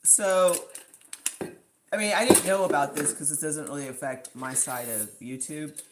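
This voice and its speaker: A woman's voice: low-pitched, normal speed, background noise. A woman chatting casually as host of a livestream from her home kitchen, rambling with lots of fillers. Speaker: live stream host.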